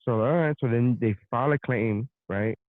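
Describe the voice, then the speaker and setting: A man's voice: medium pitch, normal speed, no echo. Profane man ranting on a tinny line. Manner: profane, animated storytelling. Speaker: podcast host. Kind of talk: casual storytelling rant. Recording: dry, phone-like narrow sound.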